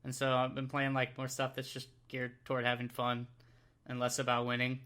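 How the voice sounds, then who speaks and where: Bright-voiced, easygoing American co-host. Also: male voice, medium pitch, monotone, fairly quick. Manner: easygoing, self-deprecating, laughs often. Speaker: podcast co-host. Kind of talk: casual podcast chat.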